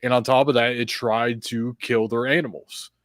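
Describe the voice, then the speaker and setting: A man as a podcast guest, telling paranormal stories in casual chat with frequent fillers and quick laughs. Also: mid-range voice, no echo, clean studio sound. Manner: animated storyteller, quick laughs, many fillers.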